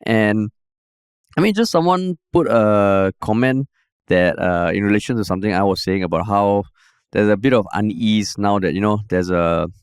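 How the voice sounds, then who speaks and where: A man's voice: on the low side, moderate pace, clean tone, dry recording, studio quality. A man with a Singaporean accent co-hosting a podcast, talking casually and sharing opinions. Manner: conversational, opinionated, drops "lah" and Singlish words. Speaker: podcast co-host. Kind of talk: casual chat.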